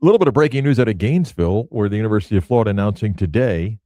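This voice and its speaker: A man hosting a sports talk radio show from a studio, telling stories in an animated way and laughing often. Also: fairly low pitch, rapid-fire, dry recording.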